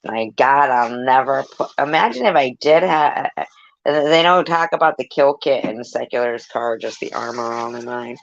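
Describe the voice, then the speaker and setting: A woman's voice: extremely low pitch, moderate pace, vocal fry, muffled recording. A sentimental woman in a casual vlog, rambling and explaining herself as she reads a children's book aloud.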